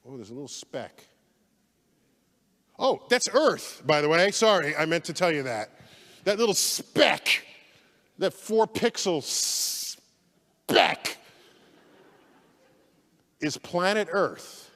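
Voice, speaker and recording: A man giving an animated public science lecture, theatrical, swinging from loud outbursts to hushed asides. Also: sits high, slow pace, long pauses. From United States. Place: large lecture hall. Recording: long hall reverb.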